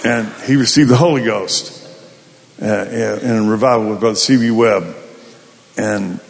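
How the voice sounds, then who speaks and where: A male pastor telling a folksy, animated story in a sermon. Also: lowish voice, a little slow, creaky, big-room sound. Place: large hall at a summit.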